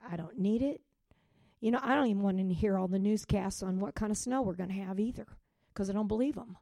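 A woman preaching a sermon with passion, swinging from loud rising calls to hushed, quiet drops. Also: mid-range voice, a little fast, vocal fry, dry recording. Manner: impassioned, with sudden loud rises and hushed drops.

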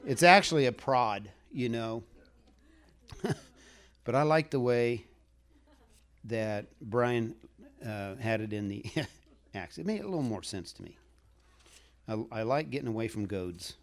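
A man's voice: mid-range voice, animated, a little slow, pauses often. A man preaching a sermon to a congregation in a folksy, rambling way, chuckling as he talks and asking the room for a show of hands.

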